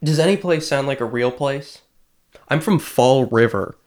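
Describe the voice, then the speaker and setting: Casting note: man with a mid-pitched voice, laid-back co-host, dry joker. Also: lively intonation, normal speed, darkish tone. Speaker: podcast co-host. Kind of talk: casual chat.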